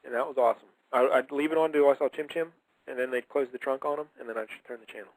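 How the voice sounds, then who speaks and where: A man's voice: mid-range voice, very fast, a little hiss or hum, rough recording. A young man hosting a casual radio show, who chats enthusiastically in a rambling way. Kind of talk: casual chat.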